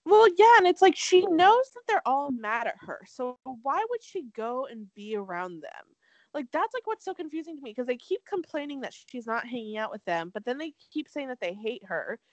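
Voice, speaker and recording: A young woman co-hosting a casual podcast, recapping a reality show in an animated, swearing way. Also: high voice, moderate pace, no echo, dull audio. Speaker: podcast co-host.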